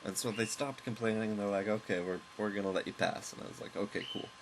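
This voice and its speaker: A man casually recounting a long, rambling story at home while commenting on a game, with chuckles and quick asides. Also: lowish voice, fairly even intonation, slight background noise, rough recording. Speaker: let's play host. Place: at home, with a loud pet bird nearby.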